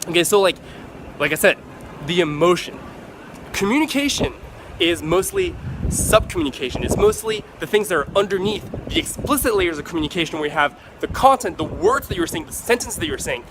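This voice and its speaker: Guy with a high voice vlogging advice, lively and swears a lot, faint traffic noise behind. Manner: animated, swearing, acts out excited examples. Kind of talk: casual advice talk to camera.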